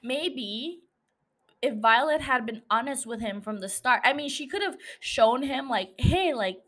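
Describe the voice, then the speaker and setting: A woman's voice: high voice, a little slow, a bit bright. A young woman hosting a casual solo podcast, rambling, swearing freely and laughing at herself. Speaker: podcast host.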